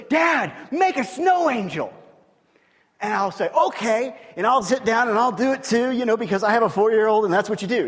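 A man preaching a sermon as pastor, telling stories with animated swings from hushed to loud. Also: sits high, big-room sound.

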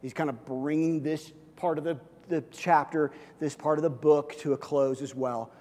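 Animated man preaching in a reverberant hall. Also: a little high, normal speed. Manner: animated preaching, acts out God's voice in asides. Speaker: pastor. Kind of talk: sermon.

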